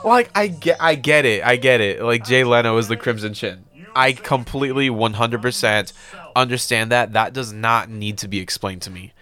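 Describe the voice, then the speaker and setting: A young man co-hosting a casual podcast, excitable, swearing a lot and stammering when surprised. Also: medium pitch, moderate pace. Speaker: podcast co-host. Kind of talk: casual chat.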